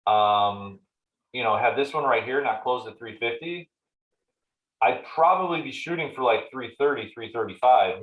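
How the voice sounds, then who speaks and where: A man leading a casual training session for real estate agents, talking conversationally and walking through examples. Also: medium pitch. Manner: conversational, acts out client dialogues in animated voices. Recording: roomy echoey meeting room.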